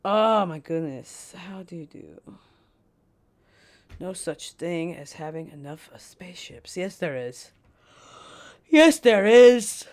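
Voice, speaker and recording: A woman's voice: low voice, takes it slowly. A woman streamer voicing a scheming female poison witch who tells fortunes, rambling and playfully mean in character. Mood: ranting. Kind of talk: in-character livestream role-play.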